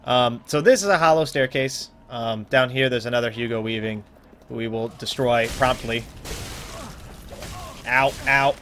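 A man's voice: mid-range voice, moderate pace, slight background noise. A young man casually commenting on his own gameplay, rambling, joking at himself and trailing off into mumbles. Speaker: let's play host.

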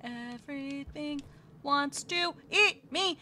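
A woman streamer with a high, bright voice gives cutesy, jittery play-by-play of a game. She often whimpers that she is scared, and her pitch swoops up and down a lot. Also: sing-song, takes it slowly. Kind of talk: live let's play commentary.

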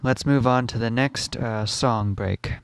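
A man's voice: medium pitch, measured pace, creaky, smooth, no room sound, soft background music. A man hosting a casual chat show, talking in an easygoing, fond way about anime. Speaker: podcast host.

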